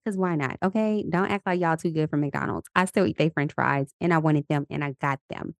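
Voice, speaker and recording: A Los Angeles podcast host in her thirties chats in a relaxed, cheerful way, recounting her days and guiding listeners through affirmations as she laughs often. Her low, full voice is creaky and fairly quick, with few pauses. The recording is close and dry, without any room sound.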